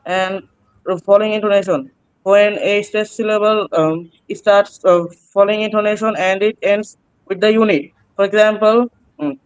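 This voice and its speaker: High, smooth-voiced hesitant young man. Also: fairly even intonation, no echo, poor audio. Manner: hesitant, halting with many fillers and restarts. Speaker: student taking an oral exam. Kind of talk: oral exam answers.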